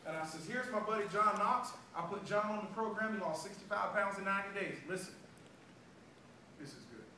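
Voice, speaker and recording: Sales trainer, man, high voice, lively storyteller, recorded at a distance in a very echoey room. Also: a little fast. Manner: animated storytelling, acting out dialogue. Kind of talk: motivational sales training talk. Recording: echoey room, far from mic, background noise.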